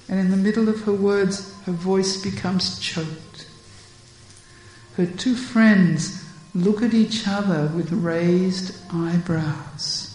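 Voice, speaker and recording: A woman narrating a devotional story in a measured, gentle way. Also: mid-range voice, steady tone, echoey room, low-quality recording.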